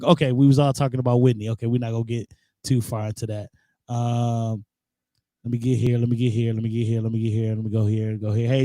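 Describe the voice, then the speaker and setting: A man's voice: mid-range voice, a little mellow, no echo, clean studio sound. A man guest-hosting a live internet radio show, chatting casually and reading out viewer comments. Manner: laid-back, reads out viewer comments. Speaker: guest host.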